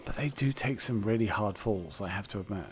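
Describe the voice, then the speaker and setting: A man's voice: fairly low pitch, brisk. A man co-hosting a film podcast, chatting casually and joking around. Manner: chatty, jokey, fond of mock impressions. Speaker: podcast co-host.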